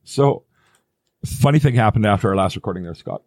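A man's voice: fairly low pitch, lively intonation, brisk, darkish tone, no room sound, clean studio sound. A man hosting a podcast, telling stories in a loose, rambling way with some swearing. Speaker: podcast host. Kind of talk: casual podcast chat.

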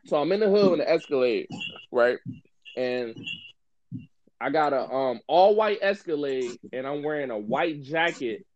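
A man co-hosting a podcast, telling a story in relaxed, slangy casual talk. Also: on the high side, unhurried, lo-fi sound. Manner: laid-back, slangy storytelling. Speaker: podcast co-host.

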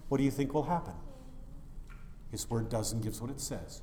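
A man pastor delivering a sermon, swinging from hushed passages to loud, impassioned rises. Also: medium pitch, normal speed, slight background noise. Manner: dramatic swings from quiet to loud preaching. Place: church. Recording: echoey church hall.

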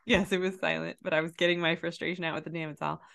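Animated woman telling a work story. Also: fast, gravelly. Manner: animated, jumps high when quoting herself; lots of fillers and restarts, laughs while telling. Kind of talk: casual chat, anecdote.

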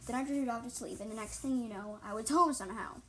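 A woman's voice: on the high side, fast talker, a bit bright, slight background noise, rough recording. A woman reading her own story aloud, often tripping over words and correcting herself. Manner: frequent slips and self-corrections. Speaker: reader.

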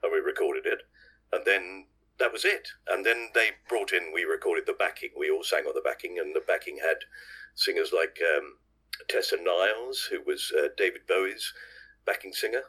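An older man from England chats as a podcast guest, telling long, rambling stories full of asides and self-corrections. His voice sits very low with a husky edge. He sounds bright and forceful despite the depth. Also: normal speed, poor audio. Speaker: podcast guest, actor and singer. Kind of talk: anecdotal interview chat.

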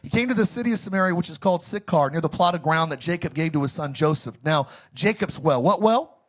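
A pastor preaching a sermon, joking and calling on the congregation to repeat phrases after him. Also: male voice, fairly high pitch, lively intonation, fast talker. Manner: jokey, calls for congregation responses.

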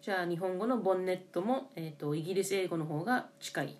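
A Japanese woman co-hosts a bilingual lesson, raising each word and repeating the answers. She talks briskly, and her voice sits a little low for a woman. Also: expressive. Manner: prompts with questions and repeats words back. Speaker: co-host asking questions.

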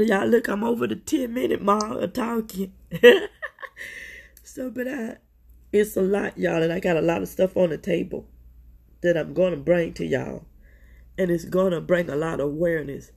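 Woman, middle-aged, husky, breathy, emotional, swears, personal podcast talk. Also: fairly low pitch, moderate pace, darkish tone. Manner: candid, emotional, swears, keeps addressing listeners. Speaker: podcast host.

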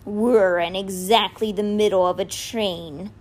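A woman voicing a giant male cheetah statue who speaks slowly, dryly and pointedly in a lowered voice. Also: fairly even intonation, darkish tone, natural voice. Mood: dry, stern. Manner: slow, pointed, lower delivery.

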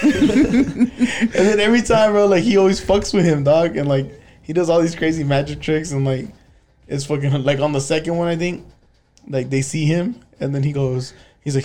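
A man with a notably high voice chats casually on a podcast, cursing freely and laughing as he acts out funny scenes. He slips into little put-on voices for the people in his stories. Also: a little fast, mellow. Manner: swearing, laughing, retelling sketches with put-on voices. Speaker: podcast co-host. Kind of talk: casual chat.

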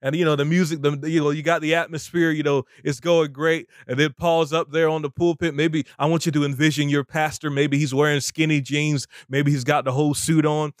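A man's voice: fairly high pitch, level tone, fairly quick, few pauses, dry recording. Emphatic preaching man, dry close sound. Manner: preachy, emphatic, repeats phrases for effect. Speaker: podcast co-host preaching. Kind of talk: animated sermon-style talk.

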